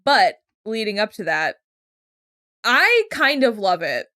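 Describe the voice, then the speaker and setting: A woman's voice: mid-range voice, very animated, takes it slowly, pushed and bright, dry recording, clean studio sound. A young adult woman co-hosting a show recap, chatting casually and retelling scenes with quoted voices. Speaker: podcast co-host.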